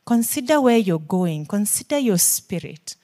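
A woman's voice: medium pitch, very animated, moderate pace, mellow. A woman preacher with a Kenyan accent, preaching a sermon in an earnest, pleading way, firing questions and moving from near-whispers to emphatic pushes.

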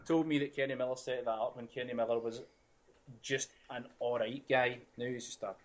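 A man's voice: mid-range voice, fairly even intonation, fairly quick. Opinionated man, casual swearing. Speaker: podcast co-host. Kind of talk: casual chat.

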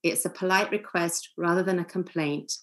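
A woman giving a calm, earnest seminar lecture as a family therapist, acting out short example lines. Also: on the low side, normal speed.

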